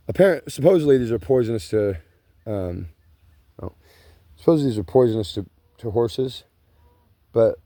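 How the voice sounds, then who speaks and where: A man's voice: on the low side, creaky, mellow, slightly rough. A man, rambling casually and profanely while pacing along grassland trails outdoors. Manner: rambling, profane, says "you know" and "bro" a lot. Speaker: vlogger.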